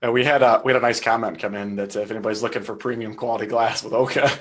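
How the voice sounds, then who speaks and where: Quick-talking male stream host, lowish voice, curious and loose with filler words. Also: fairly even intonation. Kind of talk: casual live-stream chat. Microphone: video call.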